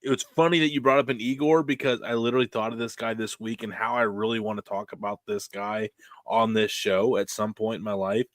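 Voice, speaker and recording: A man's voice: on the low side, little pitch movement, fairly quick, dry recording. A man, co-hosting a podcast, telling a story in casual chat and acting out the voices he quotes. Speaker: podcast co-host.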